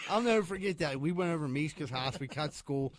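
A man's voice: a little high, lively intonation, fast talker, noisy background. A man hosting a podcast, reading ads and telling loose, profane stories. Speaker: podcast host. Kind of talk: casual podcast chat and ad reads.

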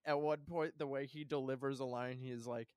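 A man's voice: mid-range voice, steady tone, a little fast, darkish tone, clear, resonant tone, dry recording. A man chatting casually about a film with a co-host, full of fillers and laughing often. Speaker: podcast co-host.

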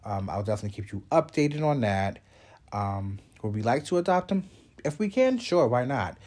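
A man's voice: mid-range voice, sing-song, normal speed, darkish tone. A man with a congested voice, hosting a casual vlog update and rambling chattily with fillers and asides. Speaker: show host.

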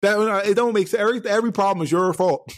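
Fast-talking, animated man ranting. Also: sits high, no echo. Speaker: podcast co-host. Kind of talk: casual comedic rant.

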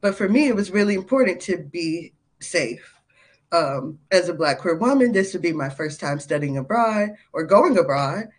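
Podcast guest: young woman, lively storyteller who laughs easily. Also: lowish voice, normal speed, husky. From North Carolina, USA. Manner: animated, laughs often, many fillers. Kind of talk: casual interview storytelling.

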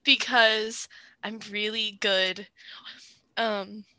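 Very bright giggly woman podcaster. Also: mid-range voice, fairly even intonation, very slow, smooth, no echo. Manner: giggly, enthusiastic storyteller. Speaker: podcast co-host. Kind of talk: casual chat.

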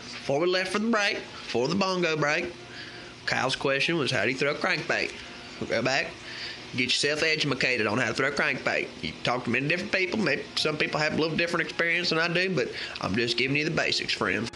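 A man's voice: on the high side, quick pace, slight background noise. A man playing a folksy male fishing guide in an exaggerated, put-on Southern US country accent. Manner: folksy, animated, hammy.

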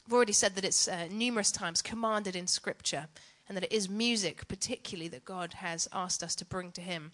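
A woman's voice: mid-range voice, fairly quick, hardly any pauses, fairly bright tone. A woman giving a chatty, self-mocking teaching talk on worship to church leaders.

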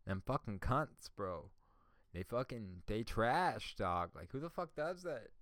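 A man's voice: on the low side, very animated, slow, fairly bright tone, no room sound, clean studio sound. A man hosting a solo podcast, ranting and swearing constantly, with "bro" and "dog" thrown in. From Canada. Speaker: podcast host. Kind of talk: profane solo podcast rant.

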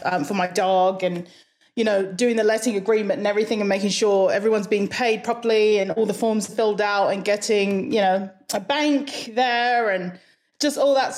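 Chatty woman with an English-leaning accent. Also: medium pitch. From Hawaii. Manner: frank and chatty, laughs often, quick asides. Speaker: guest. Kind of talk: casual interview chat.

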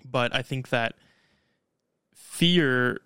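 A man co-hosting a podcast in casual chat, talking in a reflective, measured way. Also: medium pitch, sharp tone, clear, resonant tone, dry recording, studio quality. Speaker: podcast co-host.

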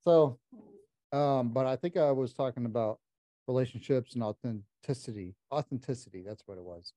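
A man hosting a podcast in a casual, reflective chat, rambling a little as he thinks out loud. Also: medium pitch, moderate pace, no echo. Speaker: podcast host.

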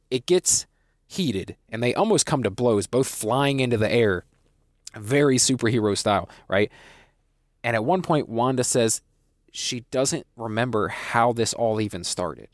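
A man's voice: medium pitch, unhurried, dry recording, clean studio sound. A man hosting a podcast, giving a casual episode recap in a chatty way, often restarting and adding asides. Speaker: podcast host reviewing a TV episode.

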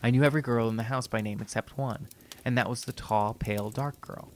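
A man narrating a story in a measured, even reading voice. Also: mid-range voice, a little hiss or hum.

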